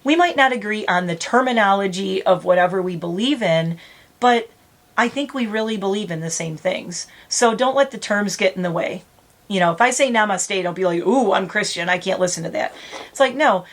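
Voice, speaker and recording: A woman's voice: mid-range voice, normal speed. A middle-aged woman vlogging casually, rambling and close to tears, laughing through emotion. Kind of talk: emotional casual vlog talk.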